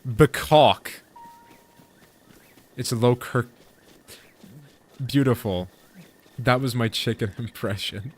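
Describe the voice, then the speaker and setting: A man's voice: medium pitch, a little slow, pauses often, slightly rough. A man streaming a video game, chatting casually with viewers in a rambling, self-interrupting way. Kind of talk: casual gaming commentary.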